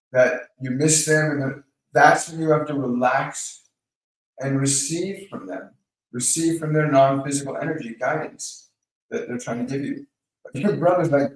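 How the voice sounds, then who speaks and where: A man hosting a live question-and-answer stream, calmly coaching viewers by name and guiding them through slow breathing. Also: on the high side, far from the mic. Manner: calm, coaching, speaks directly to viewers by name. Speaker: host of a live Q&A. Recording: very echoey room, voice off-mic.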